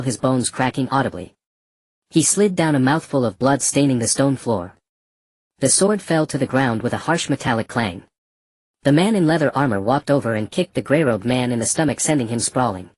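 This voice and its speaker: Reading a fantasy novel aloud, this audiobook narrator keeps the delivery steady and measured. The voice is mid-range and the recording has no echo.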